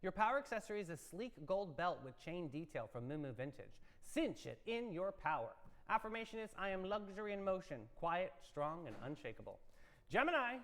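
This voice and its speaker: A man's voice: high voice, very animated, fairly quick. A man co-hosting a morning show, reading playful horoscopes and telling a funny story in an upbeat, theatrical way. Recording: long reverb.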